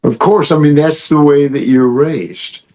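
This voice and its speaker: A man's voice: a little high, measured pace. A man in his seventies with a Texan accent, a guest musician telling stories in casual chat and acting out the voices of the people in them. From Texas. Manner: animated storyteller, acts out quotes.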